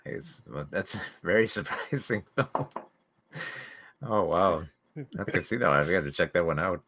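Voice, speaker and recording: A man's voice: low-pitched, animated, moderate pace, pushed and bright, slightly rough. A man moderating a fan panel, dropping laughing, upbeat asides as he moves things along. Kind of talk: casual panel hosting.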